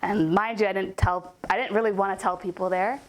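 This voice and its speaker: A woman's voice: medium pitch, fairly even intonation, brisk. A young woman telling a casual storytime about a coworker, chatty and full of "like" and "um" fillers.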